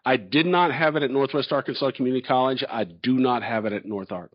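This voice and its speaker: A middle-aged chancellor candidate answers questions at a public Q&A in a large hall, using a folksy, storytelling style. His voice is mid-range and quick, and the recording is dull and lo-fi.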